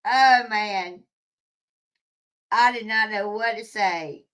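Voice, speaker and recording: A woman telling a story to her viewers in a casual, animated way, swearing freely and laughing at herself. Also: mid-range voice, slow. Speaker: streamer talking to live chat.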